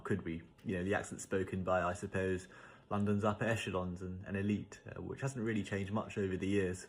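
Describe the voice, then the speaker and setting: A man with a fairly low voice, explaining accents in a casual video. He sounds conversational and wry, and often circles back to rephrase as he goes. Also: slight background noise.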